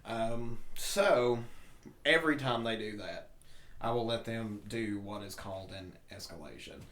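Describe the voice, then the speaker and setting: A man telling a work story in casual chat, profane and animated. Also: fairly low pitch, unhurried. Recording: roomy echo, faint noise.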